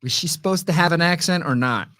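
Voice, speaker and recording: A man co-hosting a casual chat show, animated and playfully critical. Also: a little high, fast. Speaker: podcast co-host.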